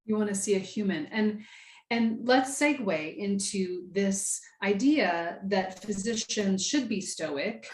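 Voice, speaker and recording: A woman hosting an interview, giving frequent soft affirmations and asking reflective questions. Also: medium pitch, slow pace. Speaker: podcast host. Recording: roomy echo.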